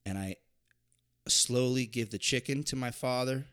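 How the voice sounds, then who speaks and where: A man chatting casually as a podcast co-host, telling a story in a relaxed, conversational way. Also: mid-range voice, moderate pace, clear, resonant tone. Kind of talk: casual chat.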